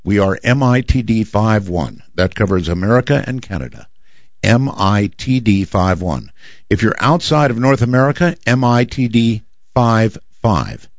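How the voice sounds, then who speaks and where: A man hosting a radio call-in show, speaking in a relaxed, wry way with frequent fillers. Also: fairly low pitch, a little slow, no room sound. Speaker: radio talk show host. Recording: dry, slightly dull broadcast audio.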